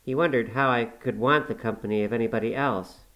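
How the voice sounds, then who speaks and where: A man's voice: mid-range voice, brisk, highs cut off, lightly acted. A man reading aloud as a plain-spoken young countryman in a storybook. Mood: reassuring.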